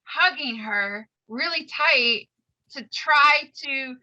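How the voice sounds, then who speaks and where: A woman's voice: sits high, slow pace, pushed and bright, highs cut off. A woman participant on a video call, telling a personal story earnestly. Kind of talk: casual video-call chat.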